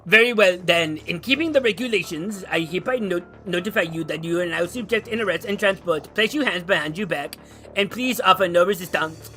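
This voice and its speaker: A man's voice: sits high, pushed and bright, faint music behind. A man doing a stern, bureaucratic corporate enforcer. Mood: stern, formal. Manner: formal, bureaucratic, measured.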